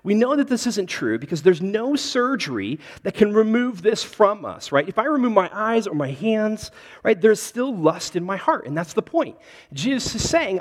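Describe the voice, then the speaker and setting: A man preaching a sermon as pastor, conversational and animated, talking directly to his congregation. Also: sits high, moderate pace. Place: large hall with congregation. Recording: reverberant hall.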